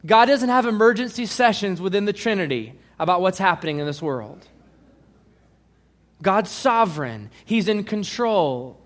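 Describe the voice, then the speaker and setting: A pastor preaching a sermon, emphatic, asking the congregation questions and reading scripture aloud. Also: male voice, sits high, animated, normal speed.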